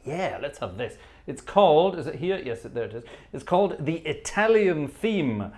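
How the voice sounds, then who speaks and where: Playful lively-voiced male stream host. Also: on the high side, normal speed. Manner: playful, teasing, hums tunes and reads out viewer names. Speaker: livestream host playing organ. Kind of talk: chatty live-stream banter.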